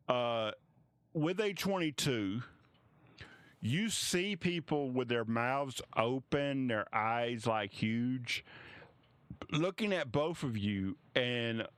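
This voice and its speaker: Guy running a tabletop game, slow and halting, smooth clear voice, dry sound. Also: medium pitch, animated, fairly bright tone, dry recording. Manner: halting, many restarts and fillers. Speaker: game master.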